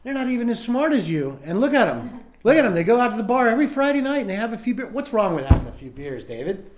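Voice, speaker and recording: A man voicing his own sly inner voice, which flatters him and coaxes him toward a drink. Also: sits high, fast talker, roomy sound, a little hiss or hum, pitched above the performer's own voice. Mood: coaxing. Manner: wheedling, buddy-like, flattering. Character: sly coaxing male inner voice urging a drink.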